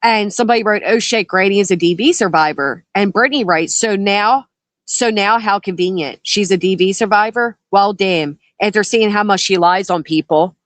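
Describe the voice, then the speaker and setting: A woman's voice: medium pitch, moderate pace, no room sound. Blunt, exasperated woman chatting. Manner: blunt and exasperated, swears freely. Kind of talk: casual group chat.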